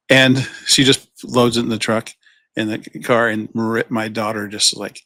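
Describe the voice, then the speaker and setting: A man's voice: fairly low pitch, level tone, measured pace, bright, forceful tone, no room sound. A man co-hosting a casual podcast, rambling through stories, acting out other people's lines, swearing and laughing often. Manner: rambling storyteller, acts out quoted voices, swears, laughs often. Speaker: podcast co-host. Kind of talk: casual chat.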